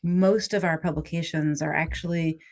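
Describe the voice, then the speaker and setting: A woman professor speaking as a guest in an interview, articulate and quick, explaining her field in casual conversation. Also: low-pitched, fairly even intonation, a little mellow. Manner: fast, articulate, self-aware. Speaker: guest author, linguistics professor.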